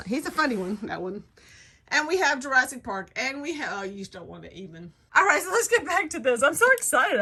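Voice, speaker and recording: A middle-aged woman, chatting in a casual home vlog, gushing and getting emotional in excited bursts, recorded on a handheld phone indoors. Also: on the high side, slightly rough. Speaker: craft vlogger. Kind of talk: casual chat.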